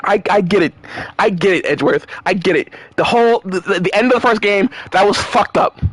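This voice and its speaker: A man's voice: sits high, fairly quick, husky, no echo. A man playing through a game and reacting to it in casual commentary, with exasperated, profane rants and stumbling restarts. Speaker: gamer reading and reacting to game dialogue.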